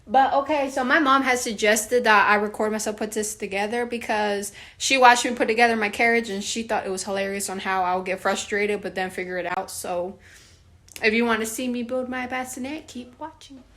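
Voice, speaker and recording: A young vlogger chats bluntly while assembling something in a room at home, swearing freely, talking under her breath and a bit breathless. She speaks a little fast in a fairly high, steady, fairly bright voice, heard through a distant mic in an echoey room.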